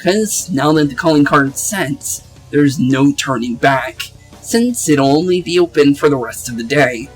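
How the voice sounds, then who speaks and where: A man's voice: a little high, lively intonation, a little slow, faint music behind, poor audio. Chatty young man commenting on gameplay. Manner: chatty, laughs often, reads game dialogue aloud. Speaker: gaming video host.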